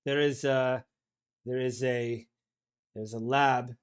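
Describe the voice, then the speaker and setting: A man's voice: medium pitch, steady tone, smooth, lightly acted. A man doing a flustered stammering shopkeeper woman. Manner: halting, stammering, keeps saying hang on. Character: flustered female shopkeeper and potion maker.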